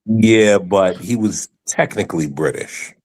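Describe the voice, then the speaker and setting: A fairly low-pitched man from South Africa trades jokes in a loose group conversation. He often restarts his sentences with a halting "I, I" before landing the point. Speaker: podcast co-host. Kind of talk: casual group chat.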